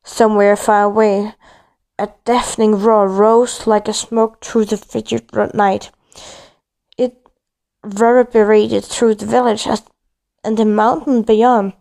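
Reading a first-person story aloud, this woman stumbles often and starts lines over. Her mid-range voice is dark with vocal fry.

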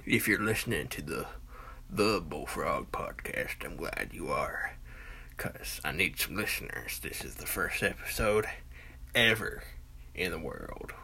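A Southern man in his forties rambles through a casual podcast monologue, stopping and restarting often. His voice is low, gravelly and husky, yet bright in tone. His pitch swings widely while his pace stays slow and drawn out. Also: expressive. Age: 40s. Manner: rambling, hesitant, with many fillers and restarts; folksy country talk. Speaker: podcast host.

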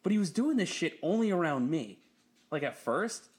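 A young man in easy, casual chat, telling a long story with plenty of swearing. He laughs often and gets animated when he quotes other people, and his voice leaps upward. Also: a little high, moderate pace.

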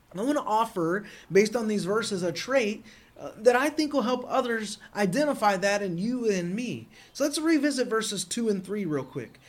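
A man preaching a sermon in an earnest tone, often repeating words as he presses a point. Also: high-pitched. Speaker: pastor.

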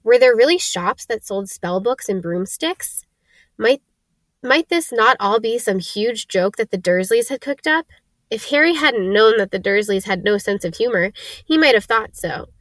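A woman reading a children's novel aloud in a steady, even narration. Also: on the high side, moderate pace, no room sound. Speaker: reader. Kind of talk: storybook narration.

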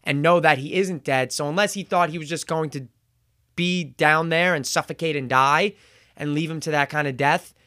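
A man with a fairly high, smooth voice walks through a show's scenes in a relaxed, chatty review. He trips over words, corrects himself and fills gaps with "um". The sound is dry and close, with no room around it. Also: moderate pace, no echo. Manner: chatty, retells scenes with fillers and self-corrections. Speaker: show reviewer. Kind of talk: casual recap and review.

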